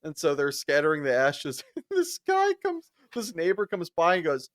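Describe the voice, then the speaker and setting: An animated man co-hosts a casual podcast, his voice leaping high as he laughs and acts out lines from scenes. He is recorded dry and close, with no room sound. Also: moderate pace, few pauses, no echo. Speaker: podcast co-host. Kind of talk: casual chat.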